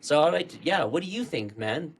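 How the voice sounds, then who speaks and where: A man's voice: fairly high pitch, animated, a little fast, creaky, slight background noise. A man co-hosting a podcast in casual chat, blunt and swearing as he gets fired up. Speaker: podcast co-host.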